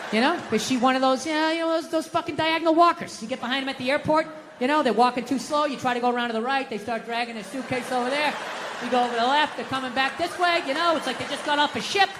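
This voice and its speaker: A man's voice: very high-pitched, fast talker. A man doing a stand-up routine, ranting and swearing as he acts out his own quotes. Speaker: stand-up comedian. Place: comedy club stage. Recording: echoey hall with faint noise.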